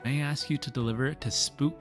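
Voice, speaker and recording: A man's voice: mid-range voice, steady tone, quick pace, music in the background, natural voice. A man reading as a formal game quest giver. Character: grateful game quest giver reciting thanks.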